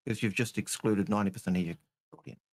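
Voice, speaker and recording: A man's voice: lowish voice, fairly even intonation, fast, a little mellow. A man co-hosting a casual gaming podcast, who talks in a hesitant, repetitive way and turns blunt and heated when annoyed. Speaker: co-host.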